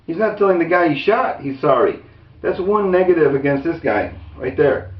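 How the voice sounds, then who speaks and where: A man giving angry, unscripted commentary to his viewers, indignant and rambling, with restarts and a raised pitch whenever he quotes others. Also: lively intonation, normal speed. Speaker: video commentator. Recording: roomy, distant, dull lo-fi sound.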